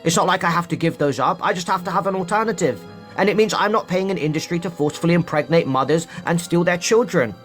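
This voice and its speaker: A man's voice: high-pitched, quick pace, fairly bright tone, soft background music. A man live-streaming from home, urging his viewers in a preachy way and repeating points for emphasis. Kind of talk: impassioned live-stream monologue.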